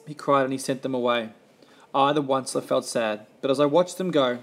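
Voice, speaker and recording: A man reading a rhyming children's story aloud with a lively, rhythmic delivery. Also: mid-range voice, a little fast.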